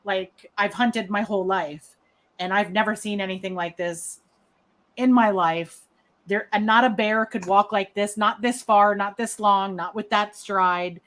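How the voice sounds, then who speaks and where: A woman co-hosting a casual chat, telling her own story with lively acted-out quotes. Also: medium pitch, a little slow. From Catskills, New York. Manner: animated storyteller, acts out quotes. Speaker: co-host.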